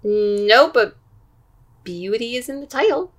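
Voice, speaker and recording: A woman co-hosting a casual podcast, quizzing her partner on song lyrics, teasing and reading lines slowly. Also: fairly high pitch, animated. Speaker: podcast co-host. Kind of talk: casual chat, lyric guessing game.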